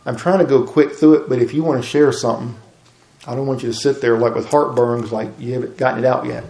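A man's voice: mid-range voice, fairly even intonation, fast, vocal fry, mellow, echoey room. A man, giving an informal sermon to a class and acting out Bible dialogue in folksy voices. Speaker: pastor teaching a class.

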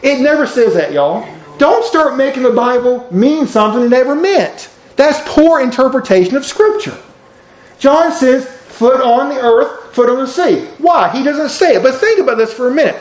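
Preacher guy, high voice, folksy and emphatic, echoey church hall. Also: expressive, moderate pace. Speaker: pastor. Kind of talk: sermon. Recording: roomy church hall sound.

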